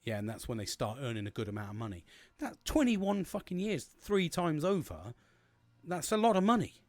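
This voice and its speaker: A man's voice: on the high side, big pitch swings, brisk, a little mellow, dry recording, faint music behind. A man in his forties, hosting a podcast in a casual solo monologue, rambling and swearing with many restarts. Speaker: podcast host.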